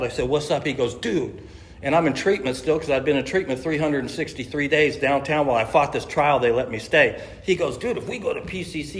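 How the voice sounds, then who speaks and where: A man's voice: medium pitch, a little hiss or hum. A middle-aged man from California telling his recovery story at a meeting, in a casual, slangy way, acting out quoted lines. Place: meeting room. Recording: echoey meeting room, faint ambience.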